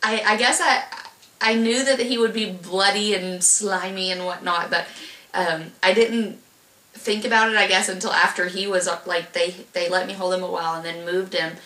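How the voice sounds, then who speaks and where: A woman's voice: lowish voice, fairly even intonation, normal speed, pushed and bright, roomy sound, distant mic. A young woman casually telling a long personal story, rambling with lots of fillers and restarts. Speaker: vlogger telling her birth story.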